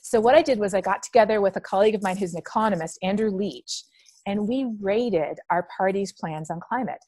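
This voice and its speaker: A middle-aged woman from Canada, a podcast guest telling stories in a lively conversational way. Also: medium pitch, a little fast, no room sound. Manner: animated storyteller acting out quoted dialogue.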